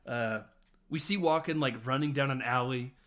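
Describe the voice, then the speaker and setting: Animated man recapping a film. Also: medium pitch, normal speed. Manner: animated storytelling, laughs and swears. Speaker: podcast host.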